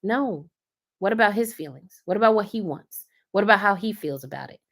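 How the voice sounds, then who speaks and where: A woman's voice: mid-range voice, lively intonation, a little fast. A woman in her thirties or forties, hosting a casual live stream and giving earnest, preachy advice drawn from her own life. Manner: earnest, preachy, tells personal stories. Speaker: host of a faith-based live stream.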